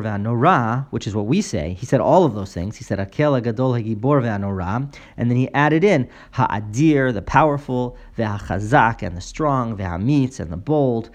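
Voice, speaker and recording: A man giving a spoken Talmud lesson, reading passages aloud and explaining them in a measured, explanatory way with frequent fillers and restarts. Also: mid-range voice, a little mellow. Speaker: Talmud teacher.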